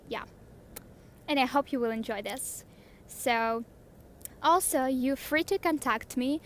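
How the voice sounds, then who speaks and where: A woman's voice: fairly high pitch, poor audio. A young woman with a Russian accent, chatting upbeat in a vlog intro, searching for English words now and then, speaking into a handheld mic outdoors. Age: young adult. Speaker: vlogger and yoga teacher. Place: outdoors, windy and noisy. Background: outdoor noise.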